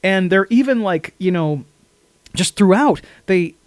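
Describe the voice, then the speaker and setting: A man co-hosting a casual movie podcast, retelling scenes in an animated way and acting out lines from the film. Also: high voice, a little slow, no room sound. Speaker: podcast co-host.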